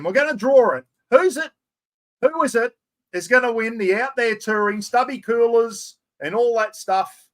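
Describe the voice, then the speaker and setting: A man in his fifties with an Australian accent, excitedly hosting a chatty live stream giveaway and poking fun at himself. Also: very high-pitched, a little slow. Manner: excitable, chatty, self-mocking.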